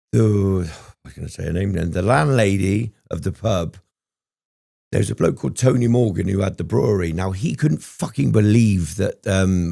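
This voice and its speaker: A man's voice: on the low side, vocal fry, mellow, slightly rough, no room sound, studio quality. A man telling his story as a podcast guest, rambling and swearing often, with frequent ums. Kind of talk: candid storytelling interview.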